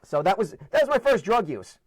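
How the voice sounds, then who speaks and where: A man's voice: high-pitched, fairly quick, husky, no room sound, rough recording. A man in his fifties from the Bronx, telling funny stories about himself as a guest on a podcast. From the Bronx, New York. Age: 50s. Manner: animated, self-mocking. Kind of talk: comic storytelling.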